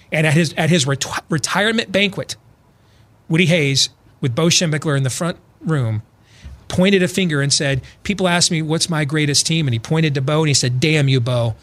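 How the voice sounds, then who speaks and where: Male talk-radio co-host, bright tone, lively storyteller, emphatic. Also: on the high side. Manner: animated storyteller, acts out quotes, builds to loud emphatic punches. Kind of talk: political talk radio monologue.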